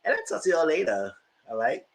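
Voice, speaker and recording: A man recapping a TV episode in a casual review, chatty and animated, dropping sassy asides and laughing often. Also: a little high, a little fast, gravelly. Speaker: TV recap YouTuber.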